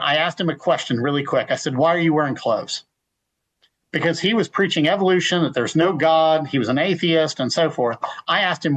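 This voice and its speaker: A middle-aged male guest answers a question during a live Q&A, speaking emphatically, repeating words, and retelling arguments. His voice sits on the high side with a fairly bright tone, but the audio quality is poor.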